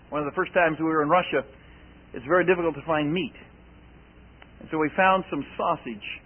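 High-voiced preacher on thin broadcast audio. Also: male voice. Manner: conversational, addresses the congregation with questions. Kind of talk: sermon with personal anecdotes. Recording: narrow phone-like radio broadcast audio.

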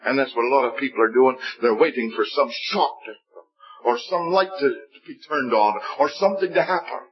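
A man's voice: mid-range voice, a little fast. A man preaching a testimony sermon, telling a story and acting out the voices in quoted dialogue. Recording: dull lo-fi recording.

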